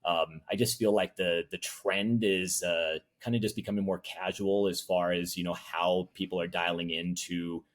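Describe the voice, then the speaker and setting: A man's voice: sits low, steady tone, normal speed, hardly any pauses. A man speaking as a guest in an interview, telling stories in a rambling way with many fillers. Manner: rambling, filler-heavy storytelling. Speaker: talent producer and voice actor guest. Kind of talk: conversational interview.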